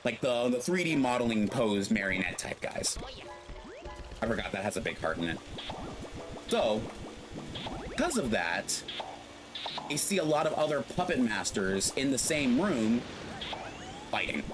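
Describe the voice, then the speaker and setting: Over music, a very animated man tells a long, rambling story while streaming a game, leaning on "like" and doing the characters' voices. He speaks in a mid-range voice at a measured pace, pausing often.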